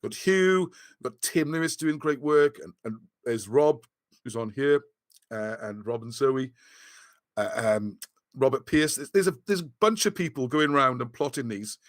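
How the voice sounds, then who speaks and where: A man talks casually on a livestream, rambling and excitable, often stopping to restart his sentences. His voice is mid-pitched and a little strained, as if it is giving out. The sound is dry and close, with no room around it. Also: measured pace, dry recording. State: losing his voice. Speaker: host of a live video chat.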